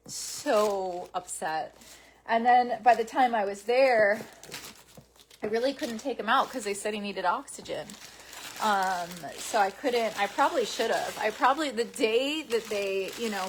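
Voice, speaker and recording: A woman vlogger chatting casually to camera as she opens fan packages, talking softly with many pauses and fillers. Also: mid-range voice. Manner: soft, halting and tearful, with many fillers. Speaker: vlogger opening fan mail. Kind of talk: casual unboxing chat to camera. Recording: faint background noise with package crinkling.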